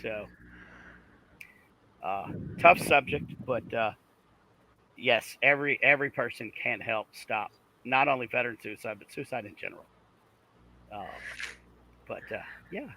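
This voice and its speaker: Bright-voiced hesitant man. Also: medium pitch, measured pace, long pauses, a little hiss or hum, low-quality recording. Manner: hesitant, many fillers. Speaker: podcast guest. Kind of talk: casual chat.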